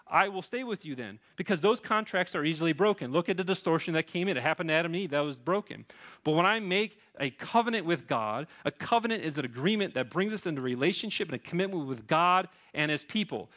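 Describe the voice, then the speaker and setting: A man's voice: sits high, animated, quick pace, fairly bright tone. A man in his thirties preaching a sermon as pastor, earnest and pleading, with frequent restarts.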